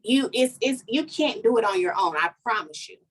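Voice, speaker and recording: A woman, a life coach guesting on a podcast, telling a personal story in a lively, heartfelt way and talking straight to listeners. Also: a little high, moderate pace, breathy edge. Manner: animated storytelling, talks to listeners as "y'all". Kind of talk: casual podcast conversation, personal testimony.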